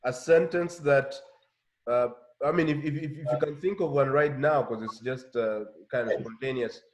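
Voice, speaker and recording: A man's voice: medium pitch, moderate pace, a little hiss or hum. A man hosting a casual interview, asking questions and stumbling over repeated words as he asks. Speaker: interviewer, host.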